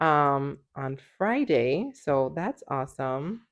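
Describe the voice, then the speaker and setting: A woman's voice: rumbling low, very animated, slow pace. A young woman co-hosting a podcast in casual chat, giggly and full of fillers. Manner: chatty, giggly, lots of fillers and "like". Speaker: podcast co-host.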